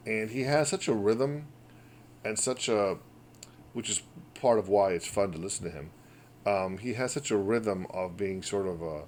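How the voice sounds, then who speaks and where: A man's voice: lowish voice, darkish tone, slight background noise. A man hosting a podcast, talking through his opinions in an emphatic, rhetorical, digressive way. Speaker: podcast host. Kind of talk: casual opinion monologue.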